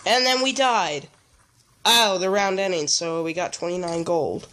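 A young man hosting gameplay commentary, chatty and excitable. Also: high-pitched, slow pace, noisy background. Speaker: gaming channel host.

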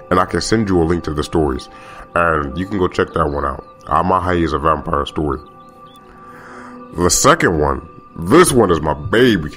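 Deep-voiced, passionate male podcast host. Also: a bit bright. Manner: passionate, repeats himself, rambling. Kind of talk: casual podcast monologue.

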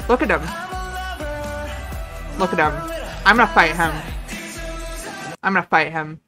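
A young woman hosting a reaction video, chatting casually with excited outbursts and swearing. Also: lowish voice, a little slow, music in the background.

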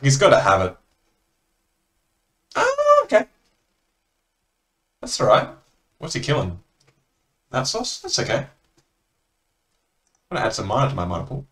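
A man's voice: mid-range voice, very animated, brisk, long pauses, a bit bright. Man, Australian accent, casual game commentary, chatty, laughs between remarks. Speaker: card game player. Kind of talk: casual commentary while playing.

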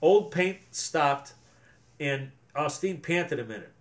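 A man's voice: fairly high pitch, expressive, slow pace. A man reading a children's book aloud, stopping to explain things to young listeners.

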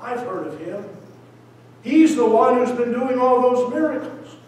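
A preacher playing a desperate old blind beggar. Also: male voice, expressive, measured pace, far from the mic. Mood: eager. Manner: pleading, shouting high and loud. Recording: echoey church hall, heard from afar.

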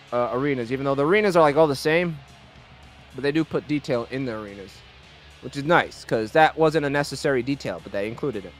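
A young man giving casual, excitable and profane commentary over his own gameplay. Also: a little high. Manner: excitable, profane, reacts loudly. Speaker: gaming YouTuber.

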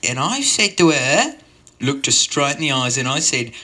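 A man telling a rambling, absurd story at an open mic in a deadpan way, full of digressions. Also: a little high, normal speed.

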